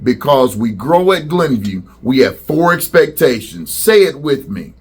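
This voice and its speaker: Man, school principal, slow deliberate delivery, husky tone, encouraging call-and-response. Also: medium pitch, sing-song. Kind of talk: school welcome video address to students.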